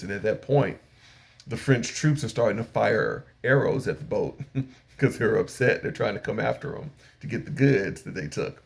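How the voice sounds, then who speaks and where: An older man with a fairly low voice and a gravelly rasp to it talks through an episode of a show. He retells the plot in a loose, rambling way, padding it with fillers and paraphrasing what the characters say. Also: expressive, normal speed. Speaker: anime reviewer. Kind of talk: casual episode recap.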